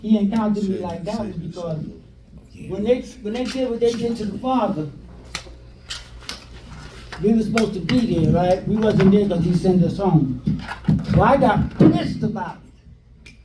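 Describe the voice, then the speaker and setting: An older man telling stories from his past in a documentary interview, animated, acting out what people said, with hesitant fillers. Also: high voice, moderate pace, long pauses. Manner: animated, acts out quoted dialogue with hesitant fillers. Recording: roomy sound from a distant mic, faint noise.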